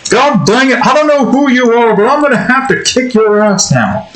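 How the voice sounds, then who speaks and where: A man's voice: extremely high pitch, animated, moderate pace, roomy sound, voice pushed up, rough recording. A man voicing a grumpy, hot-tempered middle-aged cartoon dad who blusters threats. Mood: threatening.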